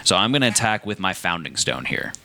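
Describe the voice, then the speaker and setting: A man's voice: low-pitched, quick pace, creaky, noisy background. A man running a tabletop board game on a stream, explaining rolls and rules step by step. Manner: steady step-by-step rule explanations. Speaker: game runner.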